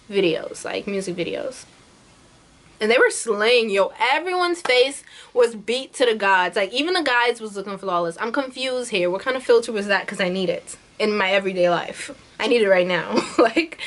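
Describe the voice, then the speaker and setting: A woman's voice: on the high side, fairly bright tone. A young woman in her twenties chatting casually in a reaction vlog, bubbly and full of slang, laughing often. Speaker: YouTube reaction vlogger.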